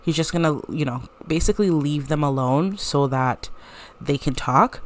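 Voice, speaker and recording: A woman's voice: sits low, moderate pace. Chatty giggly woman narrating a game. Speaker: let's-play host.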